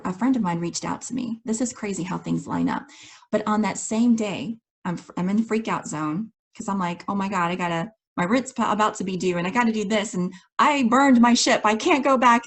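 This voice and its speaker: A woman coach telling a personal story in an enthusiastic, expressive way, laughing often and acting out her past conversations. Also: medium pitch. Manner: acts out her own past dialogue. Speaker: life coach.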